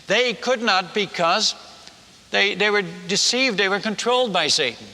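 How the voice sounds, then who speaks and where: Bright-voiced man preaching in a hall. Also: high voice, moderate pace. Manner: animated, acts out dialogue and sound effects. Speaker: missionary preacher. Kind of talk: storytelling sermon. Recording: long reverb of a large hall.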